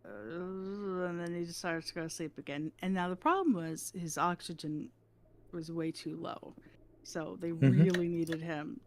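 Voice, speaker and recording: A woman's voice: fairly low pitch, fairly even intonation, normal speed, slight background noise. Chatty woman streamer telling a story. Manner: chatty, laughing, acts out voices in her anecdotes. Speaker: livestreamer. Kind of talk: casual storytelling on a gaming livestream.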